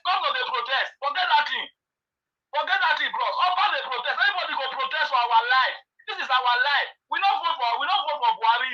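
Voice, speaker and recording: Man, Nigerian Pidgin accent, very high pitched, passionate political chat, muffled lo-fi line. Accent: Nigerian Pidgin English. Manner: passionate, rapid rhetorical questions.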